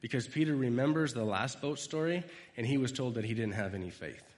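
A man's voice: mid-range voice, expressive, fairly quick, darkish tone, long reverb tail. A man giving an informal sermon, rambling through personal stories and acting out quoted lines. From United States. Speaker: speaker giving a devotional talk.

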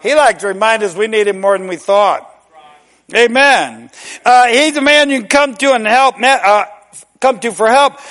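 A middle-aged man preaching a sermon, folksy and emphatic, dropping to a hush and then rising loud on drawn-out words. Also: extremely high pitch, very animated. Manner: folksy and conversational, repeats "amen". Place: church service.

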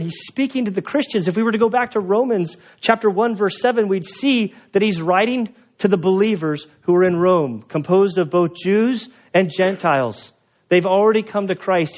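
A man preaching a conversational, emphatic sermon, walking his congregation through a Bible passage with asides. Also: fairly high pitch. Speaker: pastor. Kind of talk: expository sermon. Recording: dull lo-fi sound.

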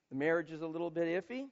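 A man with a high voice delivers a sermon as a pastor, emphatic and conversational, often asking the listeners rhetorical questions. The recording is somewhat muffled and lo-fi.

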